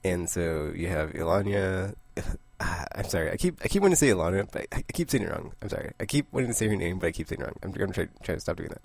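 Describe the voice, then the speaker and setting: A young man with a low voice and a gravelly edge talks through his weekly comic pile in a loose, rambling way. He keeps going off on tangents, laughs at himself, and jumps into quick voices for the characters. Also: sing-song, a little mellow, dry recording. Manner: rambling, chatty, quick asides and little laughs. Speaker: comic book vlogger. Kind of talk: casual comic book review.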